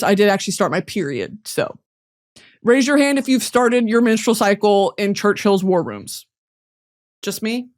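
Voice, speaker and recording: A young woman hosting a comedic podcast, swearing freely and jumping from low mutters to loud squealing outbursts. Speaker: podcast host.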